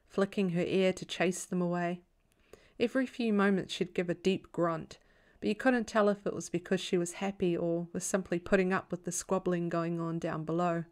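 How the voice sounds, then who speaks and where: A woman reading a novel aloud as a bedtime story in a calm, even storytelling voice. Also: lowish voice. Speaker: audiobook reader.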